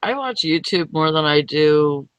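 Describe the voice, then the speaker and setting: A woman's voice: sits low, lively intonation, unhurried, no room sound, dull audio. A woman co-hosting a live morning stream, bantering casually and laughing easily. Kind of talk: casual chat.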